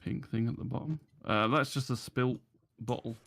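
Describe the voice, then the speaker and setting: A man's voice: mid-range voice, moderate pace, creaky, fairly bright tone, slight background noise. A man narrating as dungeon master in a tabletop game, hesitant and full of ums and restarts.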